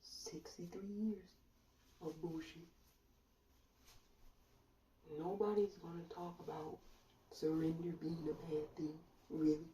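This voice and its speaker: A woman delivers a blunt, sardonic monologue with a dark, mellow tone. Her voice sits a little back from the mic. The room gives it an echoey ring. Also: on the low side, level tone, unhurried, a little hiss or hum. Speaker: commentator. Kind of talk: opinion monologue. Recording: roomy sound from a distance.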